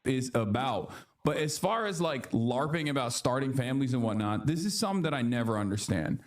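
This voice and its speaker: A man's voice: medium pitch, lively intonation, brisk. A man riffs on gaming news in casual stream commentary, scornful and mocking. His voice is picked up from some distance, as a clip played back. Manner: dismissive, mocking tone.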